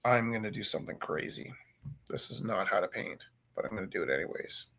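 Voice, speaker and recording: A man's voice: fairly low pitch, a little fast, creaky, slight background noise. Chatty man in his forties telling classroom stories. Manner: animated, acts out his students' voices; loose and joking. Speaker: art teacher painting live. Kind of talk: casual storytelling while painting.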